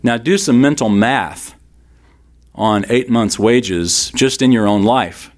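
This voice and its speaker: A man's voice: medium pitch, takes it slowly. A man teaching a Bible class in a sermon style, emphatic, repeating key lines and speaking straight to his listeners.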